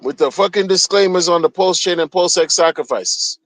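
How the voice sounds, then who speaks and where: A man's voice: high voice, moderate pace, dry recording, low-quality recording. A man streaming a heated solo rant, agitated and profane, often repeating himself.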